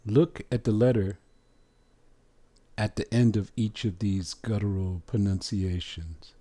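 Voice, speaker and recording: A man teaching a religious language lesson, drawing out letter sounds slowly and putting questions to the listener. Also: lowish voice, steady tone, dark tone.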